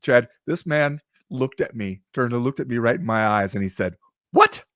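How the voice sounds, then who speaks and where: Male podcast co-host, lively American storyteller, dry close studio sound. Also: medium pitch, normal speed, dry recording. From United States. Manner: animated storyteller, swears casually. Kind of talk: casual chat.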